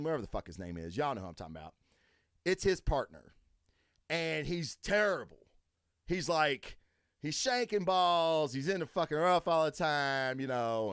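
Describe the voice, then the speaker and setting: Bro podcast guy ranting, swears a ton, voice jumps all over, pretty high, dry sound. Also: smooth, no echo. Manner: profane, emphatic, swings from low mutters to loud high bursts. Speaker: podcast host. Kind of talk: casual solo podcast rant.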